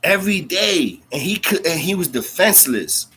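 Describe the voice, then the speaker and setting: A man's voice: on the high side, very animated, normal speed, pushed and bright, a little hiss or hum. A man telling a story in casual, slangy speech full of fillers and profanity. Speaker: storyteller recounting jail time.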